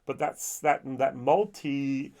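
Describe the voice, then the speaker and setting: A man talking casually in a whiskey review, chatty and animated, acting out the people he meets in quick little voices. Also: medium pitch, gravelly.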